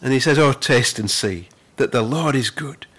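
A man preaching a sermon as pastor, earnest, with frequent repeated words, who slows down to stress the scripture he reads. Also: mid-range voice, fairly bright tone.

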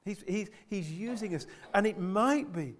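A man preaches earnestly to his church, often repeating phrases and posing rhetorical questions to the congregation. His high voice is expressive and unhurried.

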